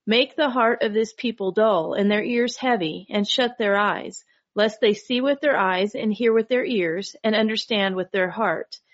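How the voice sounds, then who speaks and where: A woman reading a scripture passage aloud in a steady, plain way. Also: mid-range voice, lo-fi sound. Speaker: scripture reader.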